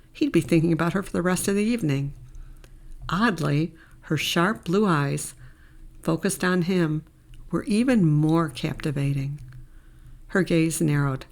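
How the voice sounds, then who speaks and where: A woman narrating a romance audiobook in a steady, measured storytelling manner. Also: deep voice.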